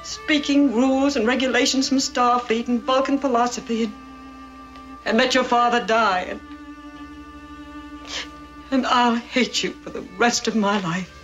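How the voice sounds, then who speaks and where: A woman's voice: on the high side, fairly even intonation, a little slow, pauses often, a bit bright, highs cut off, faint music behind. An actress playing an emotional, insistent human mother married to a Vulcan. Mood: pleading.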